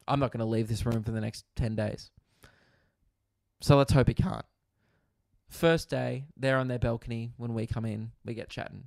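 Gravelly-voiced Australian comedian ranting. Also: male voice, mid-range voice, darkish tone, no echo, clean studio sound. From Australia, Victoria. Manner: crude, profane storytelling with frequent asides. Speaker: comedian host. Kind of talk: comedic podcast monologue. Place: hotel room in quarantine.

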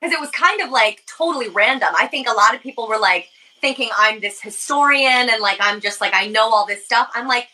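A woman's voice: a little high, bright, forceful tone, rough recording. A young woman from the United States hosting a podcast, chatting casually with many fillers. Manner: casual, filler-heavy, lots of "like". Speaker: podcast host. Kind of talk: casual chat.

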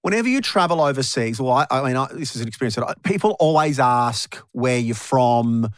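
A man's voice: mid-range voice, expressive, fairly quick, no echo. An Australian man hosting a casual podcast, chatty and joking as he asks his co-host questions. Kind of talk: casual conversational podcast chat.

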